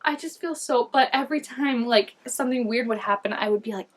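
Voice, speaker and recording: A woman's voice: a little high, a little fast. A young woman rambles through a casual fan recap vlog, gushing over the characters. She keeps circling back on her thoughts and stacks up filler words as she goes.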